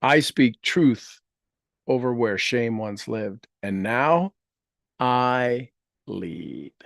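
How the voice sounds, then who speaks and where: A man guides listeners through a meditation in an unhurried, gentle voice, repeating affirmations with soft, trailing endings. His pitch sits in a middle register, and the recording is dry and close with no room sound. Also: expressive, creaky, dry recording. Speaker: meditation leader.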